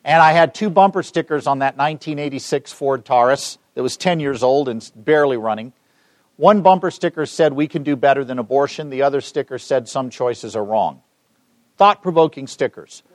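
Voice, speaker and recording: A middle-aged man from Los Angeles, giving a public talk and taking audience questions with lively, joking storytelling. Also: mid-range voice, normal speed, no echo. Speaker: speaker answering audience questions.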